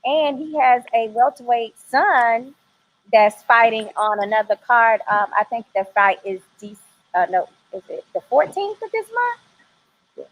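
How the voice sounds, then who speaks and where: A woman's voice: on the high side, big pitch swings, unhurried, low-quality recording. A woman hosting a boxing talk show, chatting casually and playfully teasing her guest. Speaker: show host. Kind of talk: casual chat.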